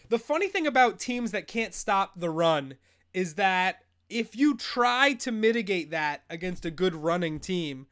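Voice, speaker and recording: High, bright-voiced joking male host. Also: clear, resonant tone. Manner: loose, joking banter reading chat questions. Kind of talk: live fantasy football advice stream.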